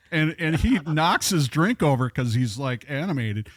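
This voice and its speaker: A man's voice: medium pitch, animated, brisk, few pauses, no echo. Male co-host, casual storyteller, chatty and loose, dry studio mic. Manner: rambling storyteller, many fillers. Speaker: podcast co-host. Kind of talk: casual chat.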